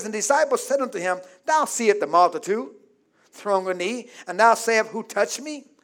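A male pastor preaching a call-and-response sermon, calling out to the congregation and building to shouts. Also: very high-pitched.

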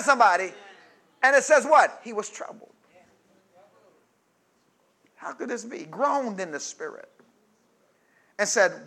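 Guy preaching a sermon, high bright voice, builds up to shouting and asks for amens. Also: expressive, unhurried, pauses often. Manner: rising to shouts, call-and-response asides.

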